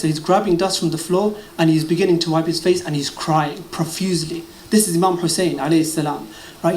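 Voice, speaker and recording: A high-voiced man with a British accent delivers a sermon at a fast clip. He moves between Arabic quotations and English explanation. The recording is echoey with a faint hum behind him. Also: a little mellow. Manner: quoting Arabic narrations and translating them. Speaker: preacher. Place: mosque gathering hall. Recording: echoey hall with faint ambient noise.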